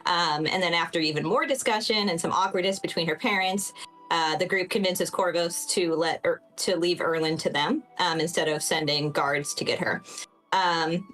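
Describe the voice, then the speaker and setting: A woman's voice: lowish voice, normal speed, fairly bright tone, soft background music, rough recording. A woman giving a chatty, laughing recap of a tabletop game session, with many fillers.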